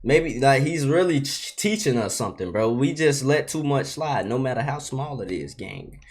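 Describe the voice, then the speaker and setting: A man's voice: medium pitch, animated, moderate pace, a little mellow. Slangy man hosting a reaction video. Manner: emphatic slangy asides. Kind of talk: casual commentary.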